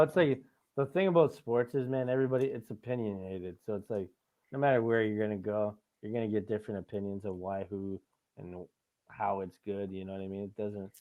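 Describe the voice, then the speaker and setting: A man's voice: lowish voice, fairly quick. A man hosting a podcast, telling stories in casual chat with lots of swearing and laughing. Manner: profane, animated storytelling with frequent laughs. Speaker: podcast host. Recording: tinny phone-like audio.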